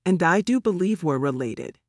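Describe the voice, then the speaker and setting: A man reading the part of a friendly young man speaking from a magic mirror, calm and reassuring in an audiobook. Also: high voice, normal speed, dry recording, clean studio sound. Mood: puzzled.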